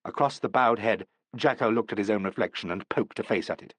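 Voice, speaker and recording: A man narrating an audiobook in a measured, expressive reading. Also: fairly low pitch, slightly rough, no room sound. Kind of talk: scripted narration.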